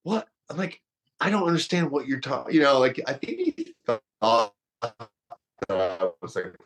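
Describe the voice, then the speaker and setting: A man's voice: medium pitch, wildly swooping pitch, moderate pace, fairly bright tone. A man in his thirties, a former wrestler and fighter, telling a long story casually with many fillers. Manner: rambling, lots of fillers, laughs through story.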